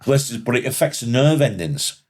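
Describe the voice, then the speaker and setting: A man's voice: mid-range voice, brisk. A man hosting a casual pub-style podcast chat, blunt and sweary, recovering from shingles. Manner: blunt, sweary, animated storytelling. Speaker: podcast host.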